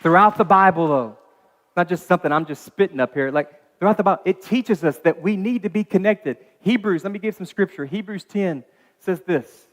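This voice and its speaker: A man preaching as a pastor in a dark church auditorium, telling a personal story in a chatty, animated way with many asides and restarts. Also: sits high, fairly quick, in a large hall, some chatter behind. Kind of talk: sermon.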